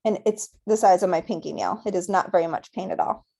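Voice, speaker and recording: A woman teaching a virtual painting class, guiding students gently step by step at a close mic. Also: lowish voice, brisk. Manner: gentle, encouraging step-by-step guidance. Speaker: painting instructor.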